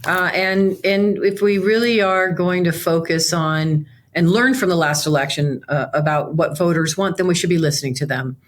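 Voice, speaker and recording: A woman's voice: lowish voice, normal speed, few pauses. A middle-aged woman from Nevada, a senator speaking in a political interview in an earnest way, often repeating words as she looks for the phrasing.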